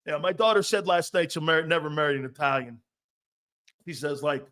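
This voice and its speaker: Man, middle-aged, sports talk host, brash, profane, laughs a lot, high-pitched, casual. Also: brisk, a bit bright. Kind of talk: casual sports talk show, reading live chat.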